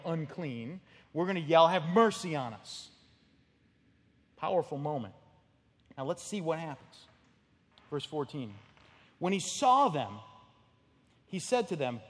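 Animated male pastor, big hall. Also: a little high, slightly rough. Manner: animated storytelling with sudden loud outbursts. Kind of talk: expository sermon.

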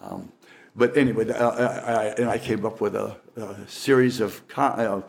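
A man's voice: fairly low pitch, fairly even intonation, normal speed, creaky. An older man, a professional magician, telling stories casually in an interview, rambling with frequent restarts.

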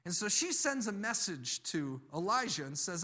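High, bright-voiced preacher man. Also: moderate pace. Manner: animated storytelling, building to loud emphatic peaks. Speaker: pastor. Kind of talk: sermon.

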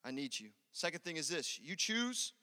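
Young man, preacher, sermon, bright ringing voice, slightly high, passionate swings in volume, reverberant church hall. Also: big pitch swings, moderate pace. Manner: impassioned, swings between shouting peaks and quiet asides.

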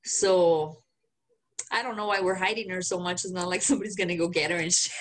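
A woman from Mexico co-hosting a podcast in casual chat, a little tipsy, talking in an animated way with plenty of swearing. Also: lowish voice, brisk. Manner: animated, swearing, laughing often. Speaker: podcast co-host.

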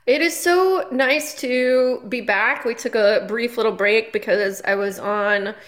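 A woman's voice: fairly high pitch, measured pace, a bit bright. A woman comedian co-hosting a podcast, telling a story in a rambling casual way with lots of fillers and restarts. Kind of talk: casual chat.

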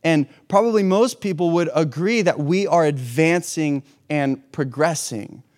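Conversational preacher, slightly high male voice. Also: unhurried, darkish tone. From hurricane-prone region. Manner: conversational, with repeated restarts and rhetorical questions. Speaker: pastor. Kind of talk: sermon.

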